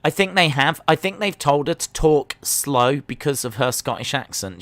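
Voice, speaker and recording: Male reaction host, bright forward tone, dry close sound, rambling casual delivery. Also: on the high side, lively intonation, normal speed, hardly any pauses, dry recording. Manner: casual, musing, rambling with fillers and restarts. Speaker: watch-along host. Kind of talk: live reaction commentary.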